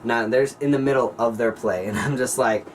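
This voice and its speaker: A teenage male high school senior telling a rambling, excitable story in a casual vlog, full of "like" and "you guys.". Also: moderate pace, far from the mic, a little hiss or hum, rough recording. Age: teens. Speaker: vlogger.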